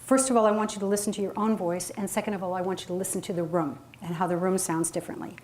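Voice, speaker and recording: Energetic woman coaching a live group. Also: very fast. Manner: energetic, demonstrates vocal range with sudden high and low voices. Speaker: voice and presentation coach. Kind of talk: workshop talk to a live audience.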